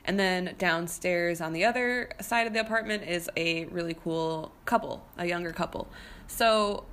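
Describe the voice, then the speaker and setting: A young woman telling a story in a casual monologue, animated and chatty, with many fillers and restarts. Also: on the low side, moderate pace.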